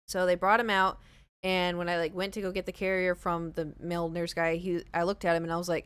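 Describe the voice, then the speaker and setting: Her voice sits on the low side, level and resonant, and she talks briskly and clearly with no echo. Streaming to her chat, this young woman retells a story full of "like" and acted-out lines, at times going hushed. The headset she wears comes off later.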